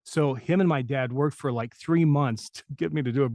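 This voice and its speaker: Male voice-actor guest, chatty storyteller, mid pitch, dead-dry sound. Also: moderate pace, a little mellow, no room sound. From New Mexico. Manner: rambling anecdotes with many fillers and restarts. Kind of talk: interview storytelling.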